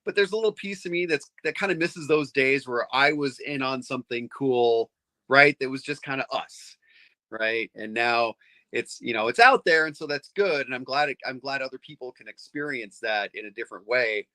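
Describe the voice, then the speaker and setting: A middle-aged man chatting casually as a comics fan, rambling and excited, with lots of restarts. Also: medium pitch, normal speed, dry recording. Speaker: comics fan on a panel show. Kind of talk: casual chat.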